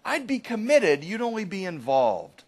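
A man voicing a talking pig in a joke he tells, matter-of-fact, in a high, lively voice. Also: normal speed. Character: plain-spoken pig in a joke.

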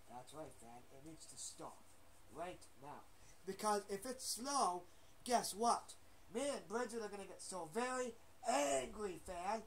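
A man at his computer rambling and scolding his upload buttons and a fan, repeating himself with sudden loud outbursts. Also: high voice, unhurried. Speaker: home video maker. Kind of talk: rambling scolding monologue to objects. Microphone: built-in webcam mic. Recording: loud steady background noise with clicks.

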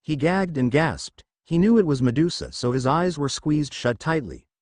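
A man narrates a fan fiction adventure like an audiobook, telling it at a steady pace. His pitch rises and falls with plenty of life, and the recording is dry and close with no room sound. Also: normal speed, no echo.

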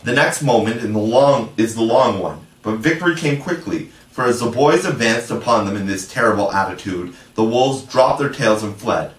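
A man reading a classic children's story aloud in a measured, expressive way. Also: medium pitch, distant mic. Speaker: audiobook reader. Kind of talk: storybook narration. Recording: echoey room, voice from afar.

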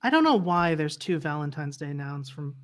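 A woman's voice: low-pitched, expressive, normal speed. A woman guest on a livestream interview, chatting casually and laughing often as she explains things.

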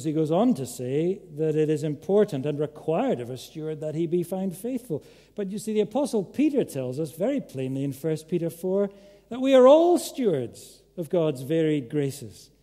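A man's voice: fairly high pitch, mellow. A man preaching a sermon, earnest and emphatic, pressing his listeners with direct questions. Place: large church hall. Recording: echoey church hall.

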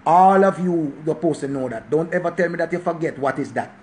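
High-voiced Jamaican man ranting. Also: a little fast, a little mellow. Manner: preachy, emphatic, repeats points for stress. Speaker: channel host. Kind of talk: casual monologue rant.

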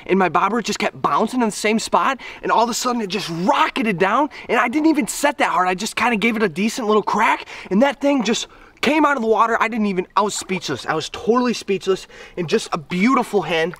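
A man's voice: high voice, expressive, brisk, a bit bright, recorded from a distance. A young man vlogging while fishing on a river, out of breath and shaking, exclaiming and repeating himself. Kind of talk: excited outdoor vlog narration. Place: outdoors by a river.

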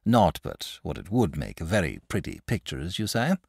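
A man voicing a gentle, nervous and fussy male dragon in a storybook reading, polite and anxious. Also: sits low, very animated, moderate pace, creaky, slightly rough, no echo, studio quality, heavily acted. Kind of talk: audiobook character voice.

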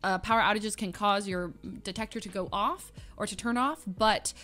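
A young woman streamer dramatically telling a story to her chat, excitable and laughing often. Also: medium pitch, moderate pace, soft background music.

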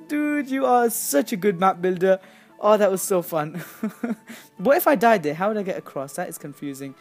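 A woman hosting a gaming video, giving excitable, chatty commentary as she plays and often squealing in excitement. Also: mid-range voice, moderate pace, soft background music. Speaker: gaming channel host. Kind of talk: casual game commentary.

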